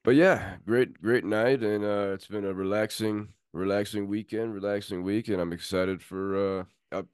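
Deep-voiced laid-back male podcast host. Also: fairly even intonation, normal speed, a little mellow, clear, resonant tone, no room sound, clean studio sound. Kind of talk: casual sports podcast chat.

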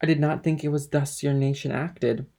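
A man doing a gravelly, sneering schemer. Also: fairly high pitch, fairly even intonation, moderate pace, dark tone. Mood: sly goading. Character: scheming sly man, cool and mocking.

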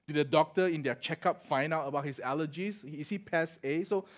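A middle-aged Singaporean man preaching a sermon, telling stories and acting out the voices, swinging from loud to quiet. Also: a little high, brisk. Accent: Singaporean English. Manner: animated, acts out voices in anecdotes, swings loud to soft. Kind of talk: sermon with storytelling.

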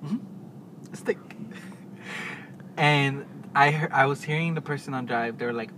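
A man's voice: on the high side, fairly even intonation, normal speed, pauses often. A man co-hosting a casual podcast, telling stories in a sassy, dramatic way. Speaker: podcast co-host. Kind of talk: casual chat. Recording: noisy corrupted mic.

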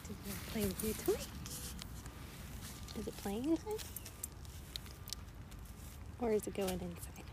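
Soft-spoken woman coaxing her dog. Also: medium pitch, big pitch swings, takes it slowly, pauses often, background noise. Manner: soft, coaxing pet talk with frequent praise. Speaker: podcast host. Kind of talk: casual talk to her dog. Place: outdoors in the rain, then indoors.

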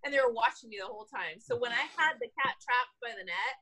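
A woman police officer telling a story in casual chat, animated, laughing often and acting out what people said. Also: a little high, fast talker, breathy edge.

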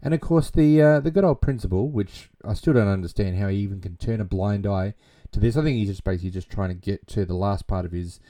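A man's voice: lowish voice, quick pace, warm tone. A man casually retelling a film plot, rambling with constant fillers and casual swearing. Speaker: film recap narrator.

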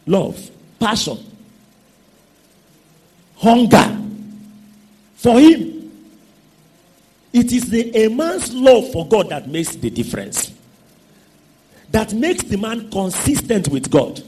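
Husky-voiced preacher, wildly animated. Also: male voice, high-pitched. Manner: call-and-response questions to the congregation; drawn-out emphatic phrasing with sudden loud and soft swings. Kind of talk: sermon.

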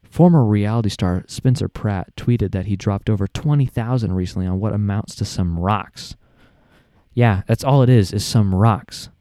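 A man's voice: fairly low pitch, moderate pace, dark tone, dry recording, studio quality. A young man, hosting a casual podcast and ranting in an exasperated, sarcastic way. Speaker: podcast host.

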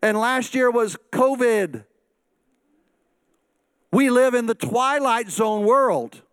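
A man's voice: very high-pitched, takes it slowly, smooth, no echo. A middle-aged man preaching a sermon as pastor, acting out quoted voices and joking asides.

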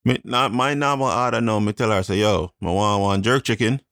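A Jamaican man with a Jamaican accent, chatting casually and telling animated stories, slipping into patois. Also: lowish voice, fairly quick, dry recording, studio quality. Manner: animated storytelling, slips into patois. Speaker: co-host. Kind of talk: casual chat.

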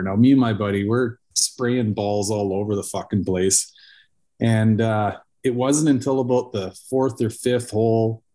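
A man's voice: fairly low pitch, mellow. A man, co-hosting a casual podcast and telling rambling, profane stories. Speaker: podcast co-host.

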